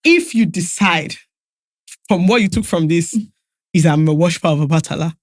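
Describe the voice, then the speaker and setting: A woman's voice: on the low side, normal speed, no room sound, clean studio sound. A woman co-hosting a podcast, chatting casually with wry, joking asides. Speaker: podcast co-host. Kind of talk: casual chat.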